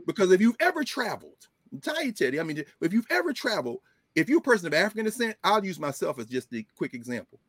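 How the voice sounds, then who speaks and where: A man's voice: high-pitched, very animated, fast talker, slightly rough, no echo, clean studio sound. A man hosting casual political commentary, talking emphatically with folksy asides.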